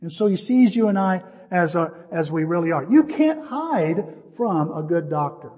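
High-voiced storytelling pastor, echoey hall. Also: male voice, moderate pace. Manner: animated storytelling, jokey asides. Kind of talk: sermon with personal story.

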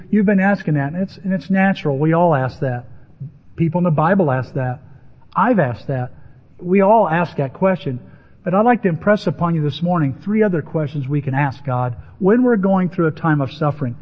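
Male preacher, high register, animated storyteller; muffled recording with long reverb from a church hall. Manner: animated, acts out biblical voices with rising pitch. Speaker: pastor. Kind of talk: sermon.

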